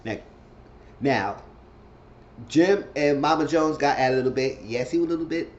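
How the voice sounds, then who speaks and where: A man's voice: medium pitch, normal speed, darkish tone, lo-fi sound. A man casually recapping a reality show episode, repeating himself and acting out what the cast said. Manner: chatty, repeats himself, acts out quotes in shifting voices.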